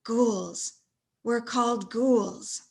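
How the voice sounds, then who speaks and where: A woman voicing a solemn female ghoul who guards a graveyard, speaking in a low, grave warning tone. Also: extremely slow, creaky, a little mellow, heavily acted.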